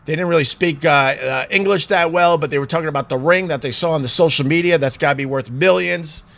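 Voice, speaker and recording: A man's voice: on the high side, fast talker, creaky, fairly bright tone. A man in a rambling, chatty commentary full of fillers. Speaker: vlogger. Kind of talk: casual commentary.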